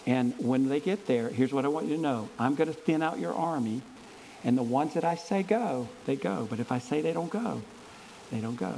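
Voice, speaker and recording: A man putting on a calm divine voice, lowered and softened to a hushed gravity. Steady and firm, it reassures without ever rising. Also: normal speed, vocal fry, slight background noise, poor audio. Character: calm, all-knowing divine voice.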